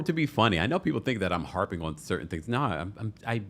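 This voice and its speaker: A man's voice: lowish voice, big pitch swings, fast talker, hardly any pauses, fairly bright tone. A man hosting a live reality-TV recap in a casual, chatty way, often laughing and repeating himself. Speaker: recap show host.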